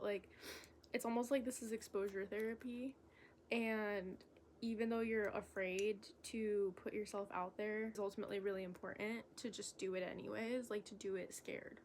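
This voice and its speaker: A young woman making a casual vlog, talking in a halting, candid way with lots of fillers and self-corrections. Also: mid-range voice, a little hiss or hum. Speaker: vlogger. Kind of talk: rambling stream-of-consciousness vlog.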